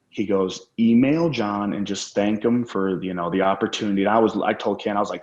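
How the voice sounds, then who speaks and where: A man's voice: on the low side, fairly even intonation, brisk, hardly any pauses, a little mellow. A man telling rambling, profane anecdotes as a guest in a casual interview. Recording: roomy, dull lo-fi sound.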